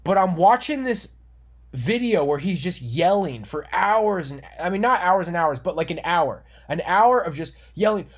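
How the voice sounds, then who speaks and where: A man's voice: high voice, animated, normal speed. A man delivering an earnest, moralizing monologue as an online commentator. He repeats himself and restarts words as he talks. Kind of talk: monologue rant.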